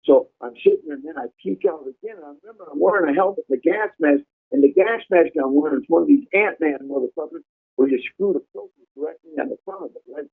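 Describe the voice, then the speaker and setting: A man's voice: fairly high pitch, lively intonation, fast, creaky, slightly rough. A man telling a prison story in a blunt, vivid way, swearing freely as he goes. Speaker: storyteller recounting prison life. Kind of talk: casual profane storytelling. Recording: tinny phone-like line.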